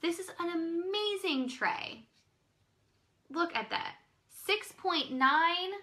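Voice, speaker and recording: Gushing, excitable woman host. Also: very high voice, takes it slowly. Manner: gushing, excitable, exclaims often. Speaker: live-stream pearl seller. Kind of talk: live online sales demo.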